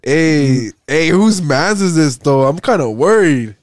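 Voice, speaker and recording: Teasing young man with a lively voice. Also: a little high, a little slow, dry recording, studio quality. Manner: teasing, laughs a lot, swears casually. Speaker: podcast co-host. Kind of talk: casual chat.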